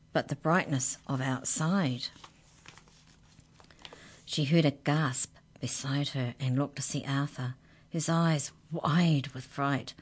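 A woman hosting a radio storytime, reading a children's book aloud in an expressive, gentle way. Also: sits low. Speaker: storytime reader on community radio.

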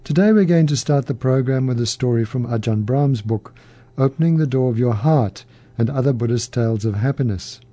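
Mellow-voiced man hosting a radio program. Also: medium pitch, no echo. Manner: measured, gently humorous storytelling. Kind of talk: reading a Buddhist story aloud.

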